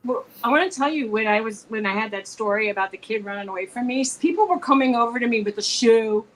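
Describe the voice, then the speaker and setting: A woman's voice: fairly high pitch, expressive, fast, rough recording. A woman with a slightly raised voice tells rambling stories in a casual chat between friends, restarting her sentences as she goes. Faint room noise sits under her voice. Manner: rambling storyteller, restarts often. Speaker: co-host.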